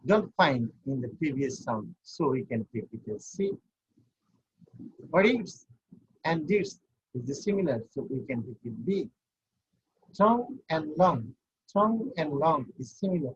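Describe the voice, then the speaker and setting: A male lecturer talks slowly and deliberately, walking through each point one step at a time. His voice sits a bit high and sounds very husky and breathy. The recording is dull and lo-fi, like a low-quality online class. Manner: slow, counting and explaining step by step. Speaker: university lecturer.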